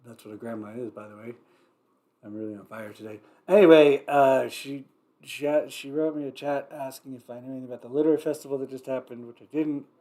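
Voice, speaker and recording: A man's voice: medium pitch, fast talker, mellow. A man hosting a variety show livestream, talking in a loose, rambling way with wry asides and the odd curse. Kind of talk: casual rambling livestream chat.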